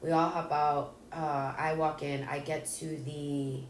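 An interview guest speaks in a low-pitched, level, unhurried voice, telling an emotional personal story with raw bluntness while swearing and acting out what people said. The recording has slight background noise, roomy echo, faint ambience and a distant mic.

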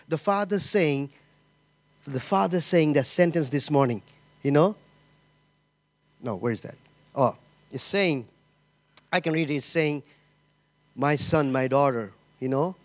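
A middle-aged man giving an informal sermon, halting and repeating himself, often saying "you know" and "okay?". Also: a little high, no room sound. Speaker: pastor.

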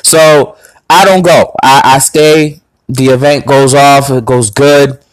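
A man's voice: medium pitch, fairly even intonation, takes it slowly, no room sound, poor audio. A man hosting a podcast, telling a personal story in a blunt, crude, boastful way. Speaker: podcast host. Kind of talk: casual storytelling monologue.

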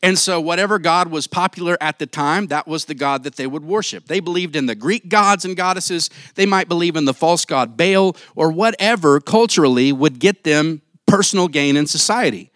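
A man preaching a sermon in church on a handheld mic, casual and jokey, acting out quick quotes. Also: fairly high pitch, a bit bright, dry recording. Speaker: pastor.

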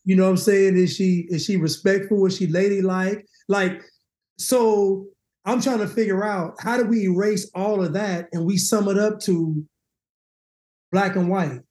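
A man in casual conversation, telling stories and acting out quotes with lively energy. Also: high voice, unhurried. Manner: animated storyteller, acts out quotes. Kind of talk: casual chat. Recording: roomy echo.

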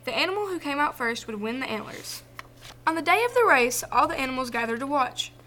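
A woman reading a children's folktale aloud, in a clear and expressive storytelling voice. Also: high voice, brisk, slight background noise.

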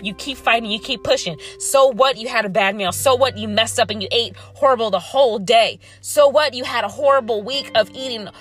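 A woman's voice: on the high side, fairly bright tone. A woman giving a fired-up motivational monologue about weight loss, calling her listeners y'all.

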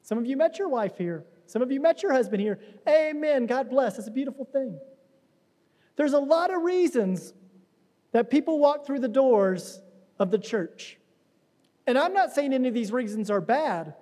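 A man's voice: very high-pitched, expressive, normal speed, warm tone, big-room sound. A man preaching a conversational sermon in a church, acting out quotes as he explains a passage. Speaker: pastor. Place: church sanctuary.

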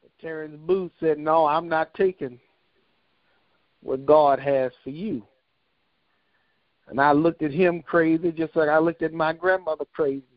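A man with a high voice preaches a sermon at an unhurried pace, his words landing in a measured, repeating rhythm. The sound is dry and a little dull, with no room around it. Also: fairly even intonation, no room sound. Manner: measured, repetitive preaching cadence.

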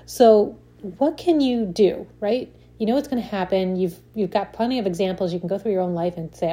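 Mellow-voiced woman giving a self-help talk. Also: medium pitch, brisk. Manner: explains with frequent "right?" check-ins and examples. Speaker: speaker on stress and habits.

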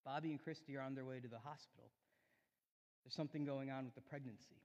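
A man preaching a sermon in a church, telling a personal story earnestly, rising loud and then dropping soft. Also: medium pitch, fairly even intonation, quick pace, lo-fi sound. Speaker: pastor. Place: church sanctuary. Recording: long hall reverb.

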